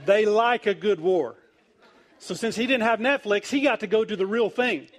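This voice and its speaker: A preacher man with a high, light voice delivers a lively sermon. He tells the story with jokes and quick asides, slipping into the voices of the people in it. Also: a faint crowd. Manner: animated storytelling, acting out characters, jokey asides.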